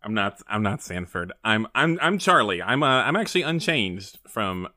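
A man's voice: lowish voice, sing-song, moderate pace, sharp tone, no echo. Guy player, stammers a lot, wry, dry close mic. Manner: hesitant, stammering restarts, wry. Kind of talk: casual podcast chat.

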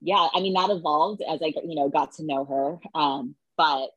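A woman's voice: low-pitched, moderate pace, husky, no echo, highs cut off. A woman in her thirties, a interview guest, telling a story in a chatty way full of fillers and acted-out quotes. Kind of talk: casual storytelling.

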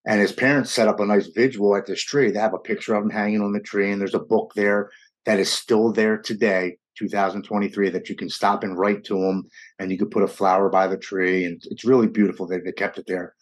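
A man in his forties recounting his own story as a guest, his voice sitting on the lower side. He speaks earnestly and with feeling, often stumbling and restarting mid-sentence. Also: steady tone, fairly quick. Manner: earnest and emotional, with frequent stammered restarts. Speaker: guest sharing a recovery story. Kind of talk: personal storytelling in conversation.

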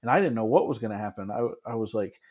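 A man's voice: on the low side, lively intonation, fast, breathy edge, dull audio. Man in his thirties telling a story. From Michigan, USA. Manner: reflective, many restarts and asides. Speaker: podcast guest. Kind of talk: casual storytelling in an interview.

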